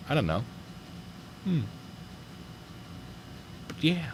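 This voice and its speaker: A man's voice: mid-range voice, huge pitch swings, unhurried, long pauses, fairly bright tone, a little hiss or hum. A man hosting a video review show, talking casually and wandering into jokey tangents. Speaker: host reviewing traffic stop videos.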